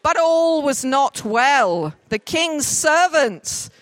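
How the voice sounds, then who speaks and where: Lively woman storyteller. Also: sits high, drawn-out words, no room sound. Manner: lively, jokey asides, directing helpers. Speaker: children's storyteller. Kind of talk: storytelling with volunteers acting it out.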